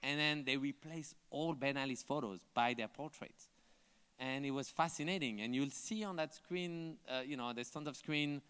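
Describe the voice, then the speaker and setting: A man's voice: medium pitch, moderate pace, smooth. A man from France with a French accent, animatedly telling stories on stage at a live talk and acting out other people's lines. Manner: animated, acts out others' dialogue, laughs often. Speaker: invited artist on a panel. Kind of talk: live onstage storytelling. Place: large museum auditorium before an audience. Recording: long hall reverb from a live auditorium.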